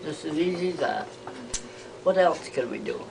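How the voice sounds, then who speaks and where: Older woman, halting and rambling. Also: sits low, expressive, darkish tone, a little hiss or hum, rough recording. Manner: hesitant, halting, with many restarts. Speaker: interviewee. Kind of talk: rambling family storytelling.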